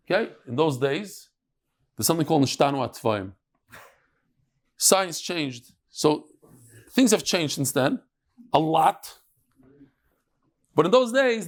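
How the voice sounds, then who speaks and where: A middle-aged man teaching a lively Talmud lesson to a live audience, mixing Hebrew and Yiddish terms and joking with listeners. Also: on the high side. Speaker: rabbi teaching a daily Talmud class. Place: study hall with a live audience.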